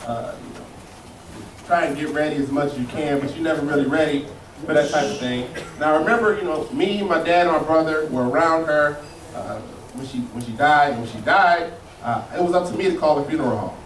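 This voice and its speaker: A man's voice: fairly high pitch, brisk. A man doing a stand-up comedy set, telling loose, profane stories that swing between somber and mocking. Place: comedy club stage with a live audience. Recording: roomy, distant live club recording with loud crowd noise.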